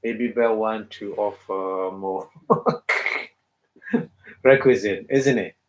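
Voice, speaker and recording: Slow-talking Burmese-accented monk teaching. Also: male voice, fairly low pitch, lo-fi sound, background noise. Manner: halting, many fillers, acts out quotes with laughter. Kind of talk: dharma talk.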